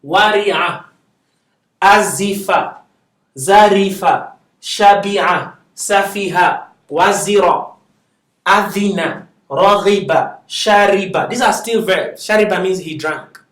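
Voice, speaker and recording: Male language teacher, high voice, slow and deliberate delivery, recorded from a distance in a classroom. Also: a bit bright. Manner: drills words slowly, laughs often, chatty asides. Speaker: Arabic teacher. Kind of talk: classroom lecture, reading word lists aloud. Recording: echoey classroom from far off.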